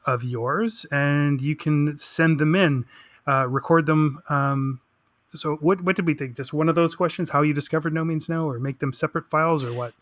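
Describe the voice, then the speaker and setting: Bright, hesitant male podcast co-host. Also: fairly high pitch, normal speed, no room sound. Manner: hesitant, full of ums and restarts. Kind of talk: casual chat.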